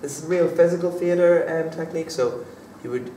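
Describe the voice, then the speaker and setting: A young adult man, a drama student, answers interview questions casually and hesitantly, full of fillers and restarts. His voice is fairly high and warm, at a moderate pace. He's picked up from far off in an echoey room with faint background noise.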